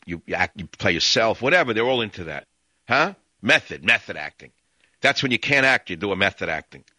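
A man's voice: on the low side, sharp tone, dry recording. An older man hosting a radio talk show, rambling and sarcastic as he airs his opinions in a monologue.

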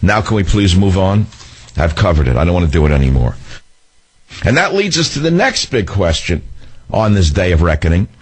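A man's voice: low-pitched, sing-song, brisk, husky. An older man hosting a talk radio show, delivering a combative, sarcastic, rambling monologue.

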